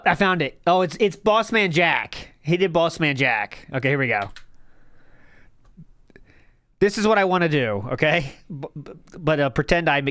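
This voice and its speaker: A man's voice: on the high side, fairly bright tone, no echo. A man hosting a watch party, chatting loosely and joking with frequent laughs. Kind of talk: casual chat.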